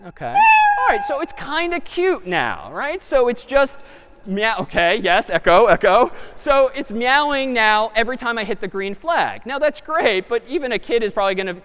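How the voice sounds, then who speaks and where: Male lecturer, animated delivery, high pitched, reverberant lecture hall recording. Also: normal speed, heavy background noise. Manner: lively and animated, thinking aloud. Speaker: computer science lecturer. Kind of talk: live lecture with demo.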